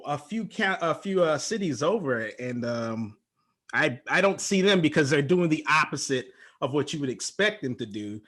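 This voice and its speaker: A middle-aged man from England, a guest chatting casually and trailing off softly at the ends of his thoughts. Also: fairly high pitch, normal speed. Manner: relaxed, self-deprecating, trails off softly. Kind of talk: casual conversation.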